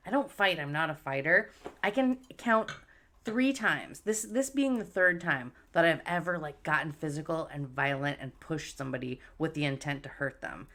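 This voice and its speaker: A woman co-host talking frankly in a casual podcast chat. Her voice sits low. She laughs along with her co-host. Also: lively intonation, moderate pace, fairly bright tone.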